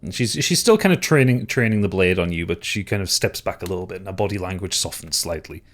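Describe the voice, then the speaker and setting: A man's voice: low voice, animated, fast. A man narrating as game master of a tabletop game, hesitant and full of fillers and restarts.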